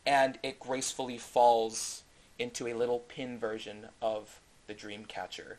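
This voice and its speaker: A man's voice: mid-range voice, level tone, a little slow, a little mellow. A man narrating a tabletop game as game master, improvising loosely with many fillers.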